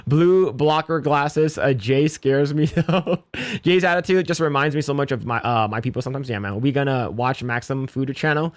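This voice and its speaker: A man's voice: medium pitch, normal speed, no room sound. A man hosting a podcast livestream in casual, blunt, rambling commentary, laughing now and then. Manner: blunt, rambling, laughs at his own jokes.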